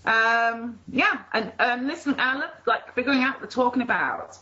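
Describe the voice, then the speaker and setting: A woman's voice: on the high side, expressive, normal speed, pushed and bright, highs cut off. A woman with a Yorkshire accent talking casually on a video call, rambling and chatty with easy laughter. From Leeds area, England. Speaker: call participant. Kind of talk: casual conversation.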